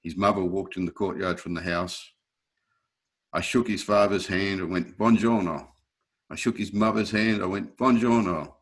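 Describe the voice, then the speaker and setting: A man's voice: low-pitched, moderate pace. A man, a guest telling stories in an interview, acting out other people's voices and laughing often. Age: 60s. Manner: lively anecdotes, acting out quoted voices, frequent chuckles. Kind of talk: storytelling in a casual interview.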